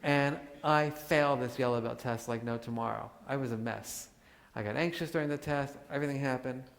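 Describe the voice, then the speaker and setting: A man giving a live talk to an audience, animated and joking as he acts out examples. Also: medium pitch, a little fast, creaky. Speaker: workshop speaker. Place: large hall with audience. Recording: hall reverb.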